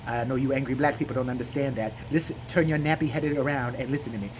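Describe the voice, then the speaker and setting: A man imitating an older male interviewer who talks in a slow, flat, drowsy drawl. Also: mid-range voice, noisy background, pitched below the performer's own voice, natural voice. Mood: provoking.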